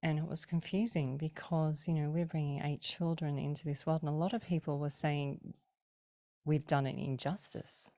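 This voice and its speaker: Low mellow-voiced woman telling stories. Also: brisk, dry recording. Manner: animated, acts out quoted voices, laughs often. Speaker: podcast guest. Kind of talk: casual storytelling.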